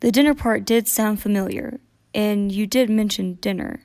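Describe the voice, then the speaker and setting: A woman voicing a gentle, simple male teddy bear in a storybook read-aloud, speaking in a polite, earnest manner. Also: medium pitch, moderate pace, gravelly, close to an everyday voice. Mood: cheerful.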